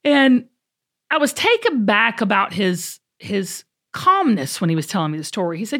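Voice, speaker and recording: A middle-aged woman, telling an animated story on a podcast. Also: lowish voice, a little fast. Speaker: podcast co-host.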